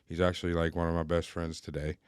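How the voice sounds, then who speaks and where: Deep-voiced man telling his story. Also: flat delivery, fast talker, clean tone, no room sound, studio quality. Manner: candid personal storytelling, loose and chatty. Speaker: podcast host. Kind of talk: casual recovery podcast conversation.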